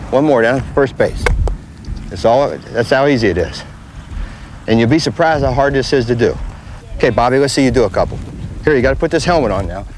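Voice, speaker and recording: A man coaching children on a baseball field, giving plain, repetitive instructions. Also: medium pitch. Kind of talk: outdoor coaching demonstration. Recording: faint background noise from a 1980s tape.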